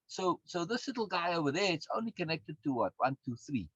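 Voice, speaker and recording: A man's voice: a little high, sing-song, fairly quick, fairly bright tone, slightly rough, dry recording. A man, a course instructor and coach, giving a recorded lecture in an emphatic way, repeating words and often adding tag questions. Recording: dull, dry lo-fi sound.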